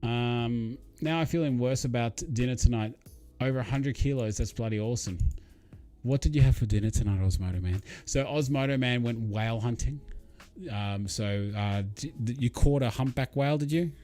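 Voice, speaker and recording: A man's voice: medium pitch, normal speed, warm tone, faint music behind. A man hosting a casual live stream, rambling and chatty as he reads out viewer comments, with many ums and uhs. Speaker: livestream host.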